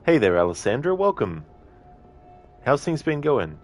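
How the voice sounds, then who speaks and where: A man with a medium-pitched, sing-song voice talks a little slowly while faint music plays behind him. He's streaming a video game, chatting casually, reading his chat's messages aloud, and laughing often as he gives relaxed gameplay commentary.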